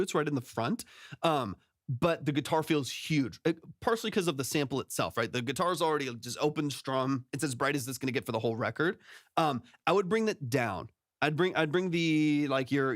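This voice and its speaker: A man's voice: mid-range voice, no room sound. A man hosting a music feedback livestream as a producer. He talks casually, thinking aloud and often checking in with "right?", into a close studio mic. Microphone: close studio vocal mic through compressors.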